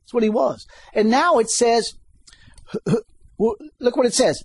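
Husky high-voiced preacher. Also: male voice, takes it slowly, no room sound. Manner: emphatic, asks the congregation questions, reads scripture aloud. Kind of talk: sermon.

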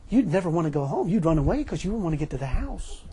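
Folksy, animated middle-aged man preaching. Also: on the high side, fast talker, slightly rough. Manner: folksy storytelling, emphatic, laughs often. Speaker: pastor. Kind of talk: sermon.

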